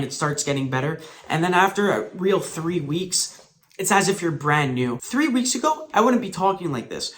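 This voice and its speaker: A man's voice: a little high, fairly bright tone. A man telling a personal story in a vlog, earnest and emphatic, talking straight to his viewers. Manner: emphatic, swearing at times. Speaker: vlogger.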